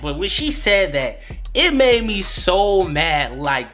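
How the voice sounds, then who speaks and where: Young male vlogger, animated slangy storyteller, bright lively voice, light music underneath. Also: high-pitched, slow pace. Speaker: YouTuber. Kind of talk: casual storytelling.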